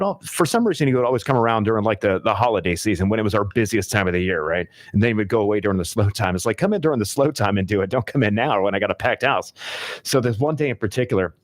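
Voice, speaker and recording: A man hosting talk radio, chatty and animated as he tells a long story from his restaurant days. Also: lowish voice, no echo, studio quality. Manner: chatty, animated, many fillers. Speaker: radio talk show host. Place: radio studio. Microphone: studio microphone.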